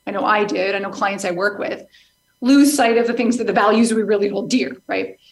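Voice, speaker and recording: A woman's voice: medium pitch, fairly quick, roomy sound. A woman guest speaking in a reflective, chatty way, poking fun at herself. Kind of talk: conversational interview talk.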